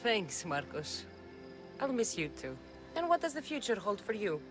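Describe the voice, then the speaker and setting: Woman doing a calm young merc lady, steady, game cutscene with music under it. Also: medium pitch, moderate pace, lightly acted. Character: young adult female Greek mercenary, calm, steady. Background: game score.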